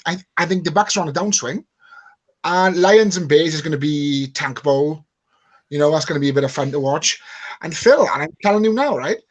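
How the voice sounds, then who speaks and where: A man's voice: fairly high pitch, husky. A British man co-hosting a podcast, chatting in a jokey, confident way. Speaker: podcast co-host. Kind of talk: casual chat.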